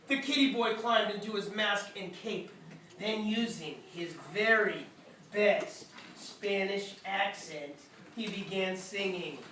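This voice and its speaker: A woman reading a picture book aloud to children, unhurried, with chatty asides to her listeners. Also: fairly high pitch, fairly bright tone. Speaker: storybook reader. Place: room with live listeners. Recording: echoey room, reader far from mic, faint hiss.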